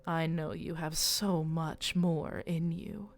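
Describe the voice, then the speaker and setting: A woman playing a softly mocking eerie being. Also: medium pitch, animated. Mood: taunting. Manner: slow, soft and goading, slipping into whispers. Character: eerie taunting female being, calm and mocking.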